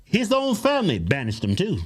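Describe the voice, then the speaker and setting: A man co-hosting a comedic political talk show, teasing and correcting his co-host with loud bursts of laughter. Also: high-pitched, huge pitch swings, a little fast.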